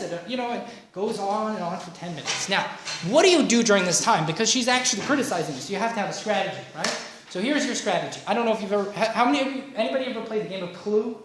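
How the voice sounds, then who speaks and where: Animated woman coaching in an echoey room. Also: mid-range voice, rapid-fire. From Canada. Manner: animated, frequent "okay?" and "right?" checks, acts out quoted voices. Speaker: relationship coach leading a workshop. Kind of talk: lively workshop talk. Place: workshop room. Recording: echoey room, faint noise.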